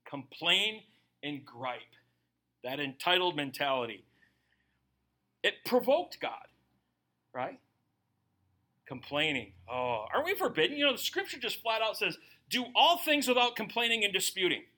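In a sermon taken at a measured pace with long pauses, a man with a high, strikingly bright voice talks casually to his congregation. He's animated and lively, repeatedly imitating the people he describes in playful voices.

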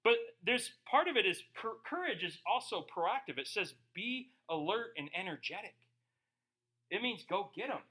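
Male pastor, sermon delivery, high bright voice, slow scripture reading and casual asides. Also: sing-song, slightly rough. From Germany. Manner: reads scripture slowly, then talks casually with asides.

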